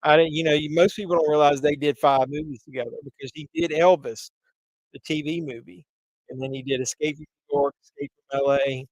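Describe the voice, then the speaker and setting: A man's voice: fairly high pitch, steady tone, brisk, no echo, low-quality recording. A man hosting a casual movie livestream, rambling and chatty with lots of fillers, a bit congested from pollen. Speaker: livestream host.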